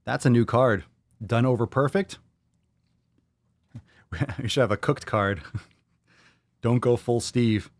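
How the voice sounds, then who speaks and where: A man's voice: mid-range voice, takes it slowly, pauses often, dry recording. A man hosting a fitness podcast in a blunt, profane, motivational way. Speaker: podcast host. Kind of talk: casual podcast monologue.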